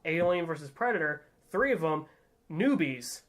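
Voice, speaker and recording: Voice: medium pitch, animated, moderate pace, a bit bright. A podcast co-host in casual chat who eagerly explains the lore and corrects the others. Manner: explains lore eagerly, often starting with "here's the thing".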